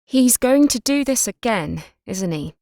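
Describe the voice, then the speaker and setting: A woman's voice: a little high, animated, a little slow, mellow, dry recording, clean studio sound, voice pushed up. A woman voicing a frustrated young detective. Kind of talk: audiobook character reading.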